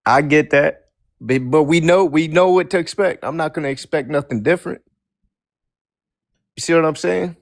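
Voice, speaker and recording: A man giving measured, explanatory commentary as a guest in a discussion. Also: on the high side, creaky, dry recording, clean studio sound.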